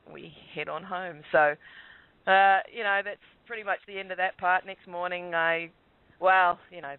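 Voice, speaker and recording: A man on a thin, tinny phone line tells a long personal story in a loose, rambling way, poking fun at himself and chuckling as he goes. His voice sits a bit higher than most men's and sounds completely dry, with no room around it. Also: gravelly, clear, resonant tone, dry recording. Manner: rambling, self-mocking, chuckles often. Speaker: guest caller. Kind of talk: casual storytelling.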